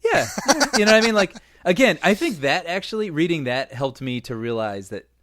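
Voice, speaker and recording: A man co-hosting a casual movie podcast, agreeable and animated, with frequent yeahs. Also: on the high side, a little fast, dry recording. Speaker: podcast co-host. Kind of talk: casual chat.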